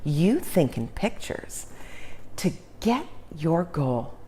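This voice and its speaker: A woman's voice: deep voice, very animated, slow, warm tone, slight background noise. A woman teaching a casual self-help lesson, earnest and encouraging, with folksy asides. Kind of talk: informal motivational lesson.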